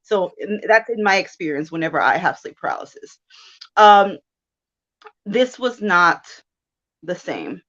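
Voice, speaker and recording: A woman in her thirties telling a personal story in casual chat, animated and quick to laugh as she acts out her own thoughts. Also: fairly low pitch, dull audio. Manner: chatty and animated, with laughs and self-quotes. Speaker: guest.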